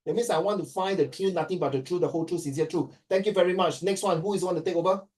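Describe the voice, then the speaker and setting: A Singaporean man leads a classroom lesson in an animated, storytelling way, mixing languages freely. His voice sits a little high with a warm, mellow tone. He sounds distant, picked up by a mic well away from him. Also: fast talker. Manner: animated, code-switching, acting out quoted dialogue. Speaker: teacher. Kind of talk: classroom talk to students.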